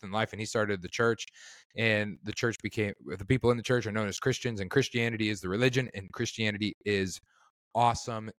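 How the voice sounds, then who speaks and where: A man's voice: on the low side, no echo, clean studio sound. A man hosting a casual Christian podcast, talking in a chatty, self-deprecating way with rambling asides, his vocal cords strained. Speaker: podcast host. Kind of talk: casual Bible-based podcast talk.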